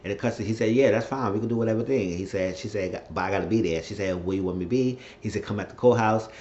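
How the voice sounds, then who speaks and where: A man casually recapping a TV episode, retelling the scenes as quoted dialogue with profane, excitable asides. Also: on the low side, fast talker. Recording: dull lo-fi recording.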